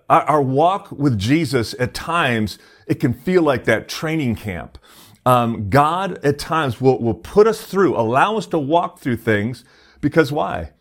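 Guy pastor giving a chill sermon, normal pitch, lots of uhs and um, kinda rambly. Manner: conversational, many fillers and restarts. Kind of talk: casual sermon.

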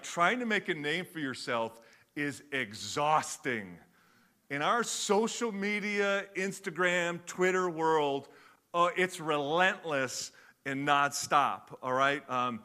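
A man's voice: mid-range voice, pushed and bright. A man preaching a sermon as a pastor, talking conversationally with many fillers and restarts.

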